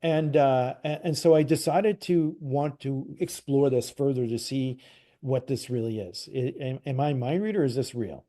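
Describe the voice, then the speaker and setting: Warm-voiced man telling a story. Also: medium pitch, normal speed. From Canada. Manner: animated retelling, acts out quoted dialogue, frequent "like" and restarts. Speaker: interview guest, psychic medium. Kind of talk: casual storytelling.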